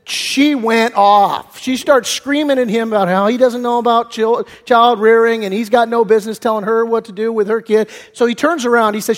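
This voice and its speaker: Male pastor, high voice, animated and casual in the pulpit; long hall reverb. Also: normal speed, hardly any pauses. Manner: animated storyteller, chatty, many fillers. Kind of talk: sermon. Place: church sanctuary. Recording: long echo in a church hall.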